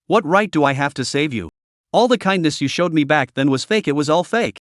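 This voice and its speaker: A man's voice: on the high side, expressive, brisk, no room sound, natural voice. Guy narrating as a crushed young woman, bitter and done with him, dry close audio. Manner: bitter, despairing.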